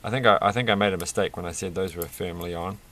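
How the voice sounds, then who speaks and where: A man's voice: low voice, quick pace, a bit bright. A man rambling through a toy build with self-mocking, off-the-cuff commentary, laughing at his own jokes. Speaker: toy reviewer building a set.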